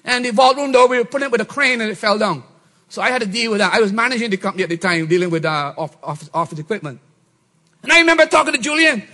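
A middle-aged man preaching a sermon, swinging from shouts to low murmurs. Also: lively intonation, very fast. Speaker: pastor.

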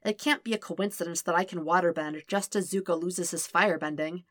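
A woman's voice: fairly low pitch, brisk, a bit bright, dry recording, studio quality, close to an everyday voice. A woman doing a jittery, goofy teenage boy. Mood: hesitant.

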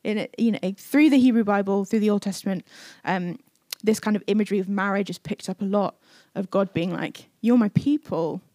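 A woman's voice: medium pitch, a little fast, hardly any pauses, darkish tone, no room sound. A woman giving a casual, conversational sermon in a church, chatty with many fillers. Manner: chatty, many fillers, acts out quoted speech. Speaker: preacher. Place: church service.

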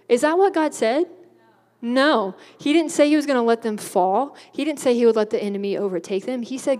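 A woman's voice: on the high side, lively intonation, a little fast, a little mellow. A young woman giving a youth sermon in a bubbly, chatty way, laughing often. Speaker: youth speaker. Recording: hall reverb.

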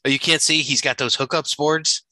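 A man hosts a loose podcast chat with a very bright, forward tone. His voice sits in a middle range and sounds close and dry. He jokes around and laughs easily. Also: fairly high pitch, fairly even intonation, normal speed, no echo. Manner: laughs often, joking banter. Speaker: podcast host. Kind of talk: casual chat.

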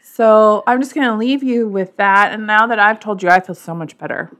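A woman co-hosting a podcast in casual chat, giggly and self-mocking with quick asides. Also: mid-range voice, steady tone, a bit bright. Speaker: podcast co-host.

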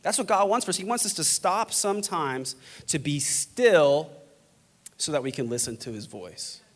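A young male pastor delivers a lively sermon in a church, his voice sitting a little higher than most men's. He jokes with the congregation and swings between energetic, loud stretches and soft, hushed ones. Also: normal speed. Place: church auditorium.

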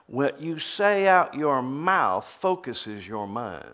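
A man's voice: mid-range voice, sing-song, slow pace, a bit bright. A man preaching a sermon, emphatic, often repeating words as he starts a phrase.

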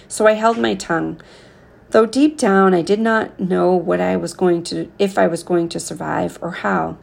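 A woman reading a novel aloud in a steady, earnest way. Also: fairly low pitch, gravelly. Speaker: reader.

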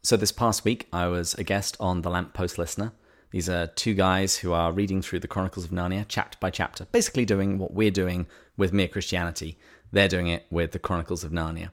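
This is a man, co-hosting a relaxed podcast conversation. His voice sits quite low, and his delivery is wry and playful. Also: brisk. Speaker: podcast co-host. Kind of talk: casual podcast chat.

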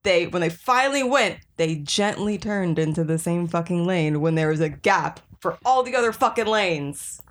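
A woman's voice: on the low side, animated, normal speed. A woman in casual chat, telling a profane story with a lot of laughter.

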